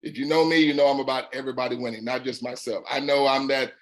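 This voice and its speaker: A middle-aged man with a raspy voice and a Southern drawl, hosting a call and telling his story in an upbeat, folksy way, repeating words for emphasis. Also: mid-range voice, steady tone, quick pace, rough recording. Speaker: host. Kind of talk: casual call testimony.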